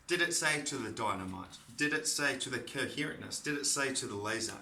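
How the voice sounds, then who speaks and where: Australian man, sharp-toned, wandering solo monologue in a reverberant room. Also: mid-range voice, expressive, brisk, hardly any pauses, recorded from a distance, a little hiss or hum. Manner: disjointed, repetitive, stream-of-consciousness. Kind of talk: rambling solo monologue to camera.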